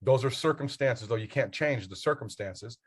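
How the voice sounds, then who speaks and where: A man's voice: mid-range voice, moderate pace, slightly rough. A man, a basketball coach and mentor, talking as a podcast guest, earnest and motivational as he spells out his acronyms.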